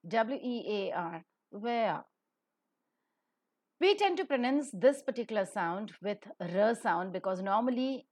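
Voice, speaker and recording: A woman's voice: medium pitch, darkish tone. A woman teaching a scripted phonetics lesson. She spells words out letter by letter and then says each one carefully. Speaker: pronunciation teacher.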